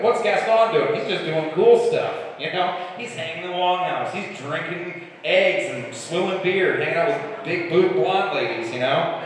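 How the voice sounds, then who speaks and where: A man's voice: fairly high pitch, distant mic, a little hiss or hum. Man doing stand-up in an echoey hall. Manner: rambling, irreverent storytelling. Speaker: stand-up comedian. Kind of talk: stand-up comedy set. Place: live comedy club stage. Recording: echoey hall, room mic from afar.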